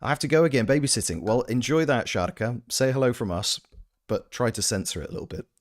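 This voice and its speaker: A man's voice: medium pitch, fast talker. A man chatting casually on a game stream, reading his chat aloud with playful, joking asides. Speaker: gaming streamer and voice actor.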